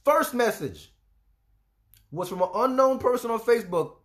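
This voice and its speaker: High-voiced man telling a story. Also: moderate pace, long pauses. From Trinidad. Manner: animated, profane, keeps saying "you know what I'm saying". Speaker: travel vlogger. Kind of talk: casual storytelling.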